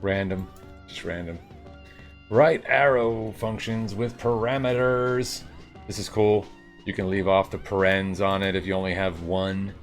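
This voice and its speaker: On a live stream, a fairly low-voiced man works through coding exercises in casual commentary, reading each instruction aloud and riffing on it. He hams it up with a put-on New York twang, little sound effects and jokey remarks, speaking unhurriedly with fairly even intonation while faint music plays behind him.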